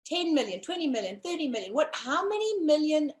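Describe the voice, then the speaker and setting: A woman's voice: sits high, big pitch swings, fairly quick. A woman from South Africa co-hosting a casual live-streamed talk show, chatty and teasing. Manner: chatty, teasing, addresses viewers.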